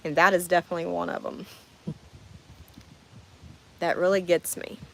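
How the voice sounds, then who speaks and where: Chatting from her camper during a camping trip, a woman in her 40s reads comments and talks directly to viewers on her livestream. Her fairly low voice is creaky and fairly bright, with little pitch movement and a moderate pace.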